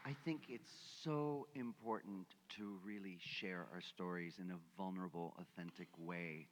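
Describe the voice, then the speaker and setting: A man's voice: deep voice, normal speed, a little hiss or hum, rough recording. A middle-aged man, speaking on a conference panel and telling a personal story in an earnest, heartfelt way. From Mexico. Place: conference venue.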